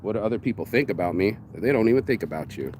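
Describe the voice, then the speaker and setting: A man's voice: fairly low pitch, lively intonation, fast, darkish tone, a little hiss or hum. A man delivering a profane, rambling rant, circling back with restarts as he talks. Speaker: vlogger. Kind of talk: ranting monologue.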